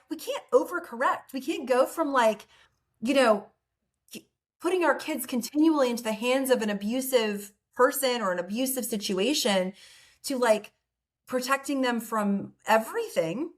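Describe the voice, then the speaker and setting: A woman's voice: fairly high pitch, unhurried. A woman psychologist talking as an interview guest, earnest and conversational, often saying "like" and "right?".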